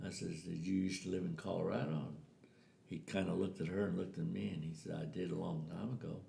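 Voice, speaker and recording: An older man with a very low, gravelly voice tells a family story in a relaxed, chatty way. He slips into the voices of the people he quotes. The recording carries a noticeable room echo. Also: fast, slight background noise. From US Southwest. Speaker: interviewee telling a family story. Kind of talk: casual storytelling. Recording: echoey room.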